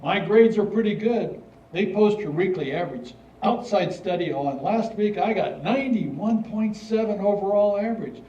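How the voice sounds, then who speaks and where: A man's voice: sits high, expressive, normal speed, warm tone, far from the mic, slight background noise. An older man reading as an earnest, dutiful schoolboy. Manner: earnest, slightly formal. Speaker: actor in a staged reading. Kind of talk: stage reading of letters. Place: stage in a hall. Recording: dull, roomy hall recording from afar.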